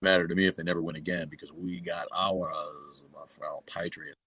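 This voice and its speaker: A middle-aged New England man with a matching accent hosts a casual livestream, his low, husky voice brisk and sharp with fairly even intonation. He talks bluntly and profanely, with many fillers and restarts.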